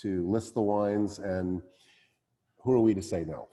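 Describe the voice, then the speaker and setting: Low, mellow-voiced winemaker, man. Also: fairly even intonation, unhurried, long reverb tail. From Canada. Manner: hesitant, many fillers and restarts. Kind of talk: casual talk at a virtual wine tasting.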